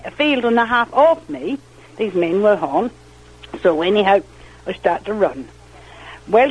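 Older husky countrywoman telling stories. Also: on the high side, low-quality recording. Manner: rambling, repeats "well, anyhow", quotes others in lively voices. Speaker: interviewee. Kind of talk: oral history storytelling.

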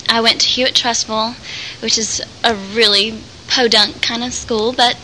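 A young woman around twenty with a faint Alabama Southern lilt and a clear, trained speaking voice. She talks in a chatty, easygoing way, laughing easily. Her tone is crisp and bright, sitting a little high. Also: steady tone, measured pace, slight background noise, poor audio. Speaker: theater student. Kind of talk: casual personal talk.

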